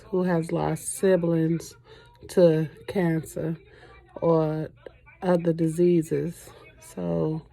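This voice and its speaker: A middle-aged woman talking to camera in a halting, emotional way, often pausing with "you know", as she speaks about her loss. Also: low voice, mellow. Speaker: trucking vlogger and grieving mother. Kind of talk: personal testimony to camera.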